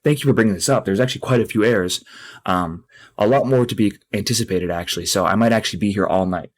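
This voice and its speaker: A man's voice: fairly low pitch, fast. A man voicing a kindly, dutiful old male head monk in an easygoing, reassuring way.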